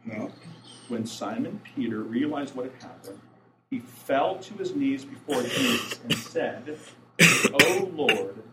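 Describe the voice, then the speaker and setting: A man's voice: mid-range voice, expressive, a little slow, heavy background noise. A man preaching a sermon as pastor, talking plainly and asking the congregation questions. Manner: conversational, asks the congregation questions; grows louder and more urgent toward the end. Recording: echoey room, mic from a distance.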